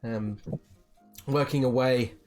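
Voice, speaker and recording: A woman's voice: extremely low pitch, fairly even intonation, slow, dark tone, soft background music. A woman running a tabletop game as the game master, describing scenes in a casual, rambling way. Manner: casual, lots of fillers and restarts, laughs while describing. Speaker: dungeon master.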